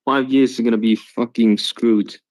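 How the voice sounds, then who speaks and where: A man's voice: medium pitch, fairly even intonation, moderate pace, no room sound. A man in a casual debate, brash, combative and heavy on profanity. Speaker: debate participant.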